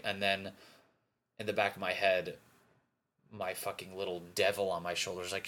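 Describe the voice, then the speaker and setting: A man's voice: low voice, steady tone, fairly quick, a bit bright. A young man talking alone in a casual, rambling monologue, swearing a lot and restarting his sentences often. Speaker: podcaster.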